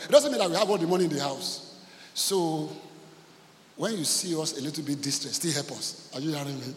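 High-voiced Nigerian pastor preaching in echoey hall. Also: male voice, brisk, pauses often, a little hiss or hum. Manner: rhythmic call-and-response preaching with emphatic repetition. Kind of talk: sermon. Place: church hall. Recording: echoey hall with long reverb.

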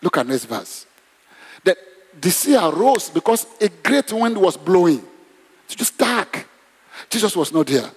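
A man preaching a sermon, animated and exclamatory, leading the congregation in prayer. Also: high voice, measured pace, pauses often, breathy edge. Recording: long reverb in a hall.

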